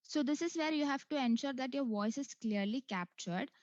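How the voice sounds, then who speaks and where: A woman's voice: high voice, moderate pace, no room sound, muffled recording. A woman explaining an online test step by step, with frequent "uh" and "so" as she goes. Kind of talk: screen walkthrough tutorial.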